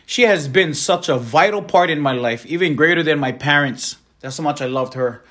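A man's voice: on the high side, moderate pace, a bit bright. A man tells his conversion testimony with earnest, heartfelt feeling. His voice sits a little above the usual male register, and he speaks as a working evangelist addressing a congregation. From Hawaii. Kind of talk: personal testimony.

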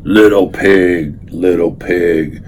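A man voicing a hungry big bad wolf in a storybook read-aloud, slow and drawn out. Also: low voice, fairly even intonation, darkish tone, slight background noise, pitched below the performer's own voice. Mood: menacing. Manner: slow, drawn-out growling delivery.

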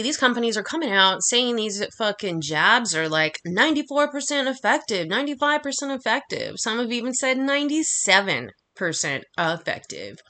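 A woman delivering an angry, profanity-laced monologue, talking fast and heatedly. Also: mid-range voice, pushed and bright. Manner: heated, swearing constantly, rapid rant.

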